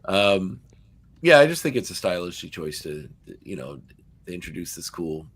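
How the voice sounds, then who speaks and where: A man's voice: low-pitched, big pitch swings, normal speed, fairly bright tone, slightly rough. A man with a Nova Scotian accent hosting a podcast, chatting loosely with lots of fillers and restarts. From Canada. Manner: meandering, many fillers and restarts. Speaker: podcast host. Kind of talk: casual podcast chat.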